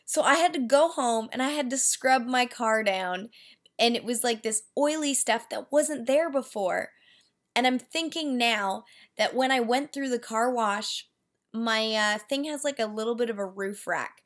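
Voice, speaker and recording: A woman talking to her camera in a casual vlog, venting with exasperated groans and lively, animated delivery. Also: on the high side, unhurried. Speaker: vlogger.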